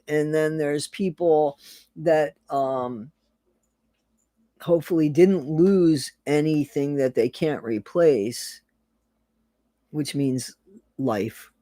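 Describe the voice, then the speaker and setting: A man's voice: fairly high pitch, darkish tone, dry recording. A man hosting a casual live stream, talking earnestly and emotionally, swearing now and then and greeting viewers from the chat by name.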